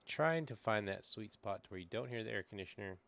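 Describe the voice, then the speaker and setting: This middle-aged man has a low, gravelly, casual streamer voice and rambles along easily at a quick pace, relaxed and thinking aloud with fillers. He's chatting on a live stream from a small backyard shed with the air conditioner running. He uses a desk microphone but sometimes leans away from it.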